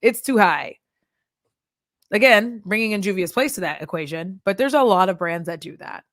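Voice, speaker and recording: A woman in her thirties talks straight to camera in a relaxed chat vlog, blunt and animated, swearing freely and laughing often. Her pitch sits in the middle for a woman. The sound is close and dry, with no room echo. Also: normal speed. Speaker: beauty content creator turned chat vlogger. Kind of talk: casual chat vlog while doing makeup.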